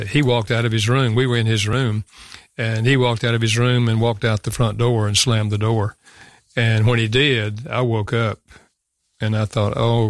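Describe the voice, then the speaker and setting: A man's voice: fairly low pitch, no echo, clean studio sound. An older man, a guest author, telling a personal parenting story in an earnest, reflective way, often saying "you know". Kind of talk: conversational storytelling.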